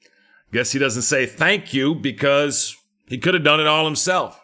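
A man's voice: medium pitch, lively intonation, unhurried, pushed and bright. A middle-aged man preaching a sermon, fervent and emphatic, with lots of repetition.

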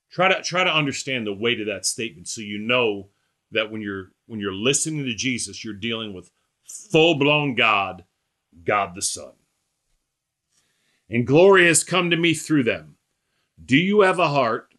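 Bright-voiced emphatic male preacher. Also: medium pitch, lively intonation. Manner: emphatic, rising and slowing on quoted scripture; repetitive, rhetorical lists. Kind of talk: sermon.

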